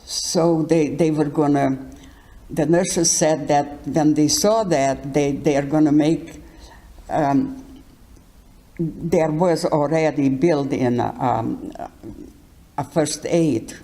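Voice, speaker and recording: An older woman giving her life testimony in an interview, speaking haltingly and often restarting words. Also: low-pitched, dark tone. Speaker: Holocaust survivor interviewee.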